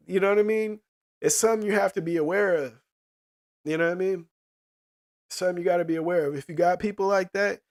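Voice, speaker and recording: Slangy, cussing man with a raised voice. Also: high voice. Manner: slangy and profane, keeps asking "you know what I mean". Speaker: streamer talking to chat. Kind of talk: casual chat.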